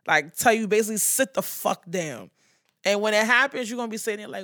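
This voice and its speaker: Brief: woman podcast co-host, animated and profane, bright tense tone, dry close sound. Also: mid-range voice, normal speed, long pauses, no echo. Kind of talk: casual chat.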